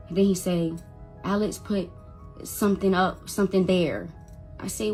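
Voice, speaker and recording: A woman's voice: fairly low pitch, unhurried, pauses often, sharp tone, faint music behind. A young adult woman, a mother, telling an emotional first-person story, stuttering and repeating words when upset and quoting others as she goes.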